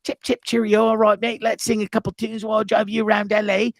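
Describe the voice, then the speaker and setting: A man's voice: sits high, normal speed, creaky, no room sound, clean studio sound, pitched above the performer's own voice. A man putting on a chirpy upper-crust English talk-show host voice, with an exaggerated plummy lilt. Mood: mocking.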